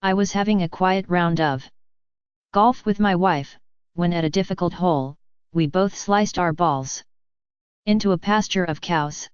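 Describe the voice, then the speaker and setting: A woman voicing an injured man from a golf course, telling his story in a flat, even way. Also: lowish voice, measured pace, clean tone, dry recording, lightly acted. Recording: dull lo-fi dry recording.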